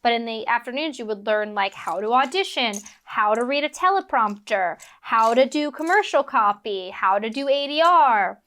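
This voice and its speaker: Woman from philly rambling while she builds lego stuff, slightly high voice, keeps losing her train of thought. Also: animated, moderate pace, hardly any pauses, pushed and bright. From Philadelphia, United States. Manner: rambling, full of fillers, distracted and laughing at herself. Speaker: guest actress. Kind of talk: casual chat while building bricks.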